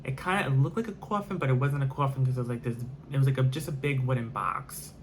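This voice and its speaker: A man's voice: mid-range voice, fast, slight background noise. A man telling a personal story in a casual monologue, rambling with lots of fillers and restarts.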